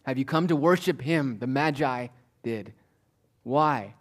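A pastor preaching a sermon, moving between forceful declarations and quiet, almost whispered asides. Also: male voice, mid-range voice, unhurried. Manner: swings from loud declaring to hushed near-whispers.

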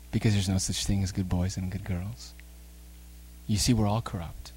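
A man preaching a sermon. His delivery swings between soft, slow, low-pitched passages and loud, emphatic outbursts, and he addresses the congregation directly. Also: fairly even intonation, husky.

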